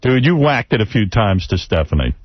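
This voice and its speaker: Man, radio host, brash, teasing, lively swings in pitch, dry dull studio sound. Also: brisk, no room sound. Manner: brash, teasing, needling the caller. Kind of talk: radio talk show banter.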